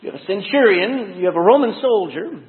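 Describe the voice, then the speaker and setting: High, lively-voiced man preaching. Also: brisk. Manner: animated, conversational, jokey asides. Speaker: pastor. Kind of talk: casual evening sermon. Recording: echoey hall, tinny phone-like sound.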